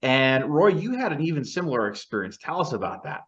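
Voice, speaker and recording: A man's voice: a little high, sing-song, a little fast, fairly bright tone. A man co-hosting a podcast in casual chat, recapping details at length and setting up questions for the guest. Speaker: podcast co-host. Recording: slightly dull lo-fi audio.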